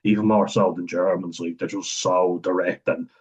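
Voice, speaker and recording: A man talking casually to camera, thinking aloud with frequent chuckles and pauses. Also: low voice, steady tone, darkish tone, husky. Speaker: vlogger talking about autism. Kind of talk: casual unscripted monologue.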